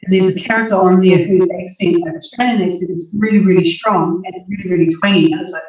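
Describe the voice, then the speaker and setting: A woman's voice: lowish voice, steady tone, quick pace, darkish tone. Kiwi woman cohost, lots of ums and likes, muffled and far away in an echoey room. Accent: New Zealand. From New Zealand. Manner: hesitant, many ums and likes. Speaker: podcast co-host. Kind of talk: casual podcast chat. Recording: dull, roomy, distant mic.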